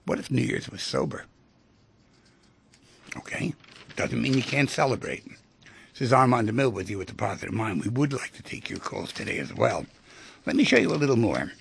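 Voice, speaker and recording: A man's voice: mid-range voice, big pitch swings, brisk, pauses often. A man hosting a radio talk show, speaking reflectively and turning emphatic at times. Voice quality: gravelly, husky voice. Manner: reflective, swings from hushed to emphatic.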